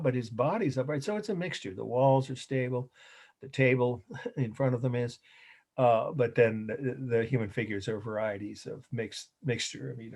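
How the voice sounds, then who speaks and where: Rambling man giving an art lecture. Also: medium pitch. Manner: rambling, self-correcting, chuckles often. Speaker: art history instructor. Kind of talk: recorded lecture.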